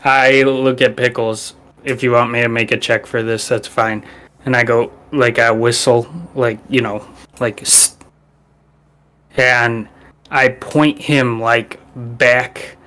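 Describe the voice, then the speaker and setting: Slow, flat-voiced male player. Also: medium pitch. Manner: slow, deliberating, thinking aloud. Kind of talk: casual tabletop play.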